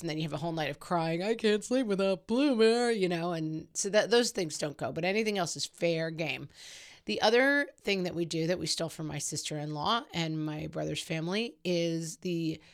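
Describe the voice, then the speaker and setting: A woman with a slightly low voice hosts a casual parenting advice podcast. She talks in a loose, chatty way, full of "like"s and cheerful self-deprecating asides. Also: normal speed, creaky.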